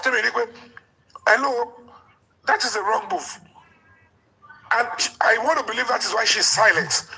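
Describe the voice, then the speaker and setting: Husky Nigerian man, a little under the weather. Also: very high-pitched, bright, forceful tone, poor audio. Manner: insistent, lecturing. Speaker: featured speaker in an online audio room. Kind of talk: heated discussion.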